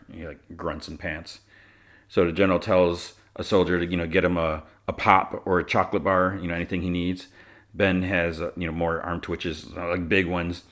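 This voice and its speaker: A man's voice: deep voice, little pitch movement, a little fast, fairly bright tone. A man hosting a podcast, casually recapping a TV episode and quoting the characters' lines in his own voice. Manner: retells scenes, quoting lines in his own voice, with fillers and laughs. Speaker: podcast host.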